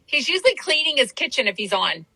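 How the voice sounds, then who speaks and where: A woman's voice: sits high, big pitch swings, quick pace, gravelly, pushed and bright, low-quality recording. A woman hosting a podcast, chatting casually in a rambling way with lots of fillers. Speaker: podcast host. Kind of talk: casual chat.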